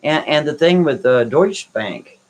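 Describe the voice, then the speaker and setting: A man's voice: fairly high pitch, animated, measured pace, poor audio. A man hosting a live stream, answering viewers' comments in a blunt, brash, dismissive way. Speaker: livestream host reading chat. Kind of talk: casual live chat.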